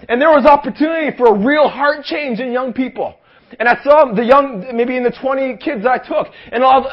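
A young Canadian man preaching an energetic sermon at a youth rally, calling for amens and rising to shouts. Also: very high-pitched, lo-fi sound. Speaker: pastor.

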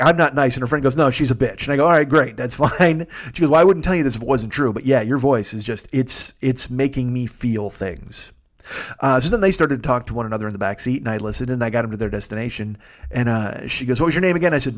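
Solo podcast host, forties man, quick rambling profane delivery, resonant pleasant voice. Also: mid-range voice. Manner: rambling, profane, self-deprecating storytelling.

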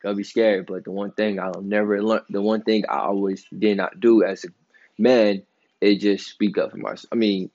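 A man's voice: lowish voice, level tone, moderate pace, darkish tone, no room sound, muffled recording. A man in his twenties talking casually and loosely in a solo podcast, rambling, slangy and emphatic. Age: 20s. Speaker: podcast host.

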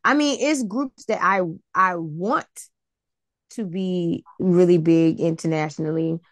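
A woman co-hosting a podcast in casual chat, blunt and expressive, with lots of slang. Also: on the low side, a little slow, no room sound. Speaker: podcast co-host.

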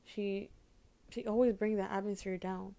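A young woman venting to camera about her home life, halting and repeating herself as she holds back tears. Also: medium pitch, steady tone, creaky, dark tone. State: upset, holding back tears. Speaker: vlogger. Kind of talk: emotional personal vent to camera.

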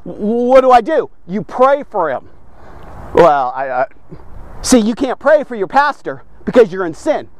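Man, high voice, fervent emphatic preacher, rhetorical questions, dry sound. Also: dry recording. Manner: fervent and emphatic, asks and answers his own rhetorical questions. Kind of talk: devotional podcast sermon.

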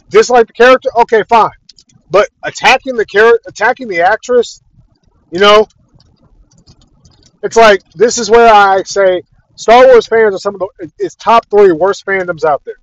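Young dude ranting and cussing a lot, kinda high voice, dry muffled mic. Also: male voice, normal speed, no room sound. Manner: profane, exasperated, repetitive. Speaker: podcast ranter. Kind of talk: casual rant. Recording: dry, dull lo-fi audio.

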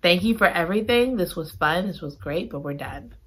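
A wounded young heroine from a romance novel, her voice dropped low and nearly whispered as she calmly ends things, put on by a woman retelling the story. She sounds firm and resolved. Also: fairly quick, slightly rough. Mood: hurt, resolved. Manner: hushed, quiet, firm.

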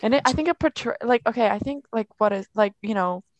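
A woman's voice: fairly high pitch, animated, quick pace, no room sound, dull audio. A young woman in casual chat, rambling and chatty with many fillers.

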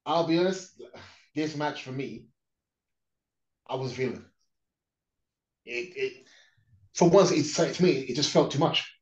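A man chatting casually about wrestling as a podcast co-host, relaxed and hesitant, often repeating himself. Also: on the high side, unhurried, pauses often, lo-fi sound.

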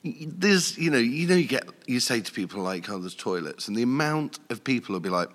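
A man's voice: mid-range voice, sing-song, fairly quick, fairly bright tone, big-room sound. A man, a nightclub manager, chatting casually and telling anecdotes with frequent laughs. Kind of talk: casual podcast chat.

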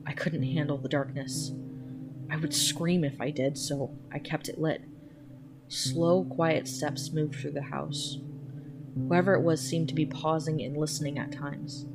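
A woman narrating a horror story in a slow, hushed, measured reading, with music playing underneath. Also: low-pitched, steady tone. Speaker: podcast storyteller.

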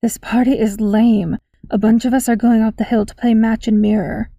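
A woman voicing a bossy, popular teenage girl with a slow, commanding drawl. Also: fairly high pitch, little pitch movement, gravelly, dark tone, no echo.

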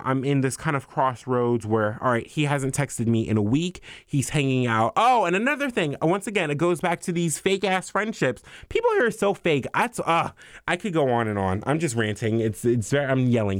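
A young man telling a story in a heated, profane rant, exasperated and animated as he vents. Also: mid-range voice, moderate pace, no room sound, clean studio sound. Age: young adult. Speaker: vlogger. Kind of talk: ranting storytime.

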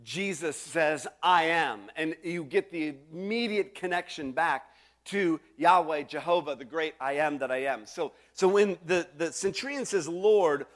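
A man's voice: a little high, fairly bright tone. A middle-aged male pastor preaching a sermon in a conversational way, full of restarts and asides to the congregation.

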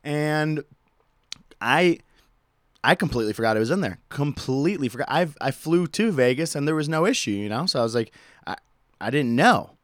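A man hosting a podcast, telling a story casually, animated and profane with laughing asides. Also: a little high, moderate pace, dry recording, clean studio sound. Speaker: podcast host.

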